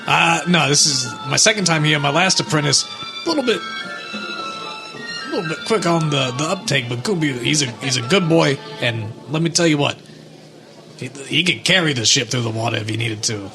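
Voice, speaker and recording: A man's voice: fairly high pitch, expressive, moderate pace, over music. A man as a chatty, apologetic shipbuilder. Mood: friendly. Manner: warm, rambling, apologetic, with stammered restarts. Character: friendly chatty adult male shipbuilder.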